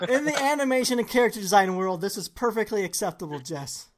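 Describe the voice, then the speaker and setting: A woman's voice: mid-range voice, fast talker, a loud crowd. A woman hosting a podcast in casual chat, laughing and steering the conversation. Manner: animated, laughing, leads the rounds. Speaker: podcast host.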